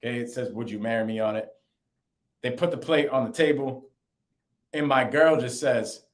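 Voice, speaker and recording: A young man, co-host of a podcast, telling a story in casual chat and acting out quotes in a higher voice. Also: fast. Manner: animated, acts out quotes in a higher voice.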